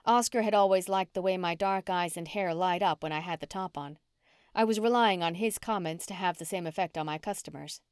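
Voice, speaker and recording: A woman narrates an audiobook in the first person with steady, even storytelling. Her voice is slightly low for a woman. The recording is close and dry, with no room sound. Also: a little fast, smooth, no echo.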